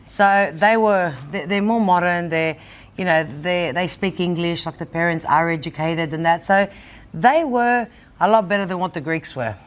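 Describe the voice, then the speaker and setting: A middle-aged Australian woman with a lowish voice and moderate pace hosts a casual studio chat. She tells stories candidly and bluntly, swearing freely.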